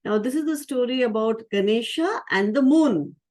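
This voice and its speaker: A woman spiritual teacher tells a story to a group of children. Her voice is fairly high, and she keeps it lively by asking the kids questions as she goes. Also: moderate pace. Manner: lively, asks the audience questions.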